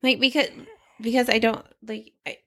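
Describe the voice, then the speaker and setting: A woman co-hosting a casual podcast, telling stories in a sarcastic, swearing, lively way. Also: a little high, moderate pace. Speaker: podcast co-host. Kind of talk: casual chat.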